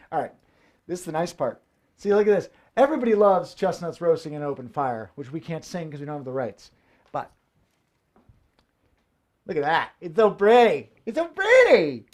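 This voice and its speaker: A man's voice: fairly high pitch, darkish tone. A man hosting a live variety show from a room at home, joking through his fire tricks. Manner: jokey, playful, theatrical asides. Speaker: host and fire performer.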